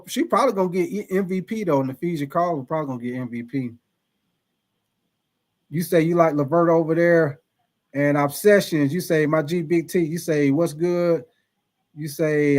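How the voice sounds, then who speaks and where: Young streamer guy, high voice, laid-back slangy delivery, reads chat. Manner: laid-back, loose slang, laughs often. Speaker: live stream host. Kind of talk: casual live stream chat reading viewer comments.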